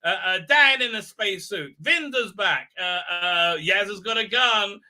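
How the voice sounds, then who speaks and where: A man's voice: high voice, unhurried, bright, forceful tone. A man hosting a live stream, chatting casually in a rambling, sardonic way full of filler sounds. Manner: rambling, many filler ums and uhs, sardonic. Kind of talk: casual live review chat.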